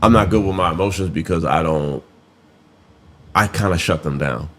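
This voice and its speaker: A man's voice: sits low, moderate pace, fairly bright tone. A man co-hosting a podcast, chatting casually and candidly in a laid-back, drawling way. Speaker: podcast co-host. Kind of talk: casual chat.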